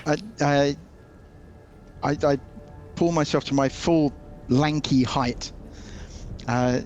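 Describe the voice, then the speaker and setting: A man's voice: on the high side, fairly even intonation, slow, darkish tone, faint music behind. A British man playing a tabletop game, talking in the manner of a foppish, pompous prince. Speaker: player. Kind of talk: tabletop role-play.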